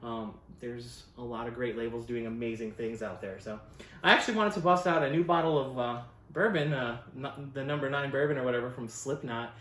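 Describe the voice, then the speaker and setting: A man's voice: medium pitch, brisk, fairly bright tone, reverberant. Enthusiastic man rambling about records. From United States. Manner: enthusiastic, rambling, with frequent fillers and self-corrections. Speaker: record store owner and show host. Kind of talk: casual record review chat. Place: record store.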